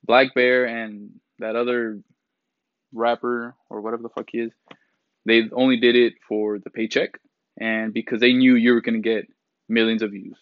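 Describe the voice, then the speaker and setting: Speaking at normal speed with a level tone and medium pitch, this young man in his twenties delivers a profane, blunt rant for his casual commentary vlog, filled with fillers and mocking quotations. The dry, slightly dull recording has no room sound.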